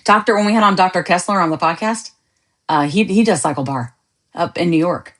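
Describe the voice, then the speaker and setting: A woman's voice: on the low side, fairly quick. A woman podcast host chatting casually with viewers on a live stream, joking and laughing often. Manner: animated, laughs often, jokey asides.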